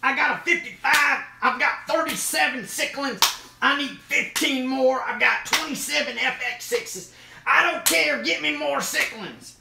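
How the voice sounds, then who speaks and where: A man voicing a frantic male fish hobbyist in a shrill, whiny voice. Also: a little slow, creaky, roomy sound, background noise, exaggerated voice.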